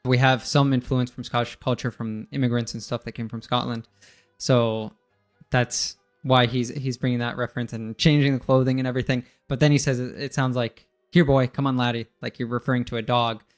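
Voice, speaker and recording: A man explains pronunciation in a casual, friendly chat and laughs easily. His pitch sits in the middle range. Faint music plays underneath. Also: level tone, a little fast. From United States. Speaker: English teacher.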